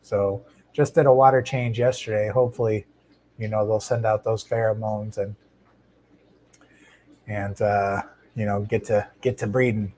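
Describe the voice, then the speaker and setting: A man hosting a casual live stream about his shrimp tanks, talking into a lapel mic in a home fish room in a relaxed, chatty way with plenty of fillers and restarts. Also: fairly low pitch, measured pace, long pauses, poor audio. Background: faint hum of aquarium tanks.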